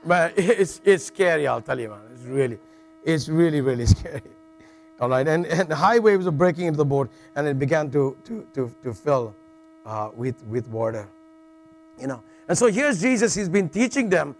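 Male preacher, sermon, middle-aged, fairly high voice, chatty and joking, steady mains hum behind. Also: moderate pace. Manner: jokey, conversational, with frequent "all right" asides and restarts.

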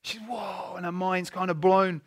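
A man preaching a sermon, telling stories in a chatty, animated way and asking the listeners rhetorical questions. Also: high-pitched, moderate pace.

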